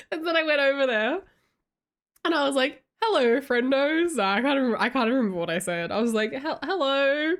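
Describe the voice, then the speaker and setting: A woman's voice: high voice, lively intonation, brisk, pauses often, a bit bright. A woman chatting casually on a livestream, reading chat aloud and telling stories with lots of giggles.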